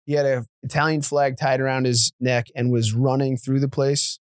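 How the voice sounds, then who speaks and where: A man's voice: medium pitch, level tone, moderate pace, no echo, clean studio sound. A man co-hosting a comedy podcast, telling rambling stories and laughing often. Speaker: podcast co-host. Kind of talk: casual podcast storytelling.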